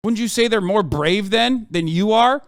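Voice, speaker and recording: A man's voice: high voice, moderate pace, dry recording, studio quality. A man streaming a heated, profane and sarcastic rant reacting to the news. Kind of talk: ranting commentary.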